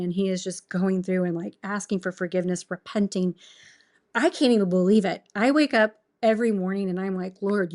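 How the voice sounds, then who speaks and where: A woman's voice: medium pitch, a little mellow. Earnest woman sharing a faith testimony. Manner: earnest, emotional, quick bursts of enthusiasm. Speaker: podcast guest.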